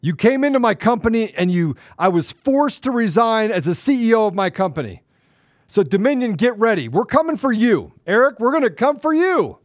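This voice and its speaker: A man co-hosting a political talk show, angry and emphatic, swinging between loud outbursts and low muttering. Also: very animated, a little fast, no room sound, studio quality. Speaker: podcast co-host.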